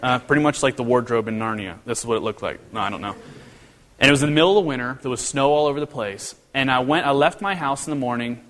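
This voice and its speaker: Speaking quickly in a medium-pitched, slightly bright voice, a pastor from northern Kentucky preaches a sermon. It's conversational and full of rhetorical questions and restarts, echoing with the long reverb of a hall.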